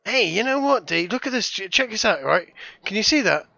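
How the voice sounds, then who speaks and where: A man chatting through a game, joking and swearing with a crisp, bright voice pitched a bit high. The sound is a little dull and lo-fi. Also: lively intonation, a little fast, no room sound. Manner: joking, swearing, self-mocking. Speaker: gaming host. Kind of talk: casual let's-play chat. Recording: dull lo-fi mic.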